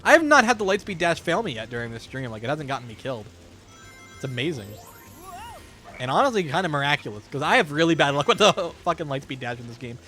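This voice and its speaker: A male game streamer talking into a desk mic at home, a touch higher-pitched than most men. He rambles casually and profanely with a wry, jumpy edge, while faint game music plays underneath. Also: expressive, fast talker, bright, forceful tone. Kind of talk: casual live-stream commentary while gaming.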